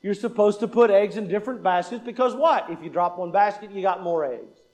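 A man with a high voice delivers a sermon and puts question after question to the congregation before answering them himself. He leans on repetition to drive a point home and acts out the dialogue in his stories. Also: fairly quick, a little mellow. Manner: repeats lines for emphasis; acts out quoted dialogue in an anecdote. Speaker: preacher.

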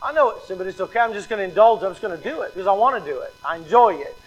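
High-voiced man preaching a sermon. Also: expressive, racing, husky, muffled recording. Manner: emphatic, repeats key lines, acts out quoted excuses. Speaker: pastor.

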